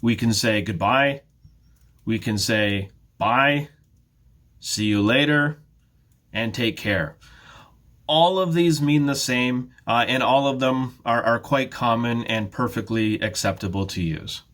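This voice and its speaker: A middle-aged man with a Canadian accent teaching a slow, clear beginner English lesson, patiently modelling phrases with careful intonation. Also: medium pitch, a bit bright. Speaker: ESL teacher, head of academics.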